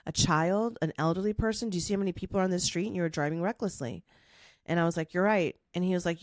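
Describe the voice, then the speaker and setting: A woman podcast host telling a story in a monologue, acting out the quoted dialogue with lively energy. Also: fairly low pitch, quick pace, no room sound, clean studio sound. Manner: animated, acts out quoted dialogue.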